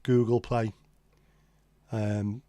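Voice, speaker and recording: A man's voice: fairly low pitch, flat delivery, drawn-out words, dark tone, no echo. A man with a Liverpool accent hosting a casual livestream chat, rambling and opinionated with frequent swearing. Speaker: livestream host.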